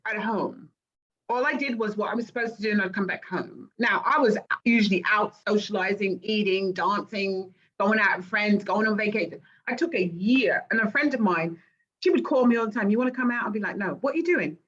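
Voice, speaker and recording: A middle-aged British woman, a life coach being interviewed, tells her story in a medium-pitched voice at a fairly quick pace. She is animated and acts out the voices she quotes, though the recording has dull lo-fi audio.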